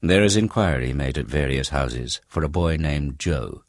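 Very deep-voiced male narrator. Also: dry recording, studio quality. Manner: measured, descriptive reading. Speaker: audiobook narrator. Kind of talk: scripted narration.

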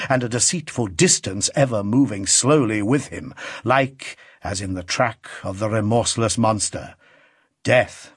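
A man's voice: lowish voice, measured pace, husky, no echo, clean studio sound. A man reading a classic novel aloud as an audiobook, in a rhythmic, dramatic, building style. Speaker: audiobook narrator. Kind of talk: scripted narration.

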